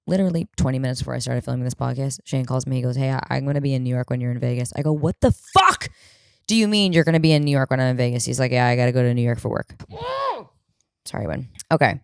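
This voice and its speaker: A woman's voice: very deep voice, racing, creaky, clean tone, no echo, clean studio sound. A young woman hosting a podcast, telling a comedic story and acting out the quotes with lots of swearing. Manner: animated, acts out quotes, swears a lot. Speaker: podcast host.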